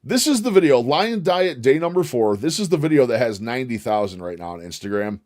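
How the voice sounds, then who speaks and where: A man chatting on his own livestream in a loose, rambling way. He swears freely and gets excited as he reacts to videos. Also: medium pitch, fairly quick. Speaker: livestream host. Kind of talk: casual livestream chat.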